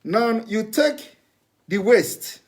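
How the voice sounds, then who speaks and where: A man's voice: sits high, lively intonation, very slow, vocal fry. A man giving a repetitive, instructive demonstration to viewers in a live broadcast. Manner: repetitive, instructive, plain spoken.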